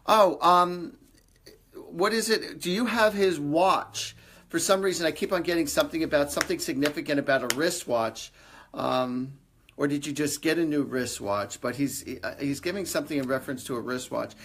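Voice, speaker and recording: A man's voice: on the high side, moderate pace, a bit bright, slight background noise. A man hosting a live stream, giving psychic readings in a rambling, conversational way with lots of fillers. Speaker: psychic medium host.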